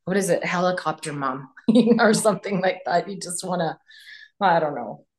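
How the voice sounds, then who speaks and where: A woman's voice: on the low side, animated, normal speed, darkish tone. A woman in her fifties, a podcast guest talking candidly in a casual chat and often trailing off mid-thought. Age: 50s.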